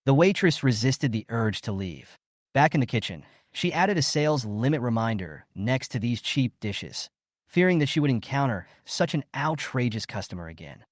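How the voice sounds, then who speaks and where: A man reading a story recap as scripted narration, in a lively storytelling way. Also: medium pitch, normal speed, no room sound, clean studio sound.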